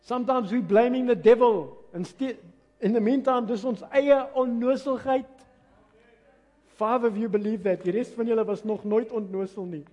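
A man preaching a passionate, emphatic sermon that swings between loud and quiet. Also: extremely high pitch, moderate pace, dull audio. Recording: long reverb of a large hall.

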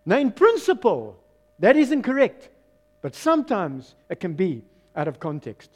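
A man's voice: high-pitched, unhurried. A middle-aged man with a South African accent preaching a sermon, coaxing his congregation to answer back. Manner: lively, coaxing call-and-response with the congregation. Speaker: pastor.

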